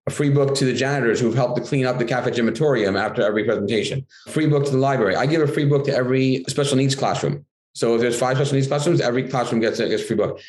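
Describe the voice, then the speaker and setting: A middle-aged man talks fast as a guest author, energetic and lively, jumping into a higher voice when he acts out his own classroom lines. His voice carries a roomy echo, and the pitch sits at an ordinary middle. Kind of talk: casual interview talk.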